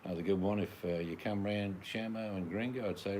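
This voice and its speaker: A man's voice: deep voice, fairly quick, hardly any pauses, a little mellow, slight background noise. An older man with an Australian accent, chatting casually in a laid-back, slang-filled drawl outdoors in his garden. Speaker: vlogger. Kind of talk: casual vlog chat.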